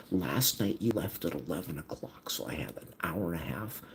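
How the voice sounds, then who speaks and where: A middle-aged man with an extremely low, deep voice pours out a bitter personal monologue. He swings between hushed, weary mutters and sudden agitated outbursts. A faint hiss sits under his voice. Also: animated, moderate pace, few pauses. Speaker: vlogger. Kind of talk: venting monologue.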